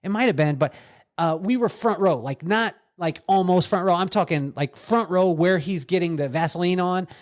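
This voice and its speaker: A man telling stories as a podcast guest, animated and quoting others with lively voices. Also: high-pitched, normal speed. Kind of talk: storytelling conversation.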